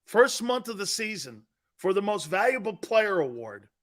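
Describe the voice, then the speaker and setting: A middle-aged man hosting a sports talk show, brash and sarcastic, swearing and breaking into shouted outbursts. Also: sits high, big pitch swings, moderate pace. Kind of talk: opinionated sports radio talk.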